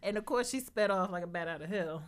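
A woman's voice: fairly low pitch, quick pace. A woman co-hosting a podcast, dryly teasing her husband and telling everyday stories. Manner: dry, teasing, storytelling. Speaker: podcast co-host. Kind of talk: casual banter with her husband.

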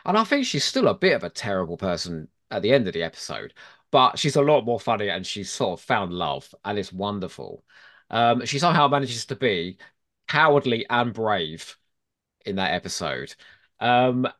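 A man talks in a casual podcast chat, eagerly making his case and opinionated throughout. His voice sits on the low side. Its pitch swings widely as he gets animated. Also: normal speed. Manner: opinionated, enthusiastic arguing. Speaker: podcast guest.

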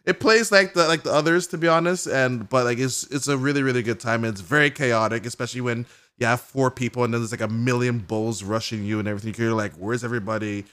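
This co-host of a laid-back gaming podcast has a smooth, medium-pitched voice and talks fast. His event recap wanders all over, packed with "like" fillers, and he tells it with excitement, performing how the characters reacted.

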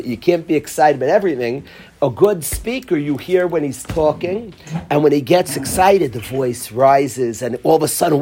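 Husky-voiced man teaching a class. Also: on the high side. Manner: animated storytelling with swings between soft and loud; mixes Hebrew phrases into English explanation. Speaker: Torah teacher.

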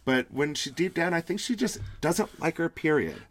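A man's voice: fairly high pitch, sing-song, normal speed, fairly bright tone. A man co-hosting a podcast, playfully chatting about a reality TV episode and laughing often. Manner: playful, laughs a lot, exclamatory. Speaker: podcast co-host. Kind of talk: casual chat recapping reality TV.

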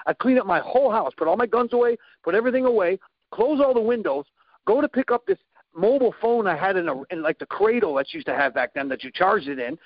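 Animated man telling a wild story. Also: high voice, quick pace, dry recording, highs cut off. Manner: animated, with sound effects and quoted dialogue. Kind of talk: casual storytelling.

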